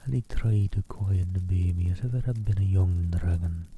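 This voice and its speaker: A man reading a storybook aloud in a soft, half-whispered ASMR style. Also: sits low, moderate pace, husky. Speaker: storyteller and streamer.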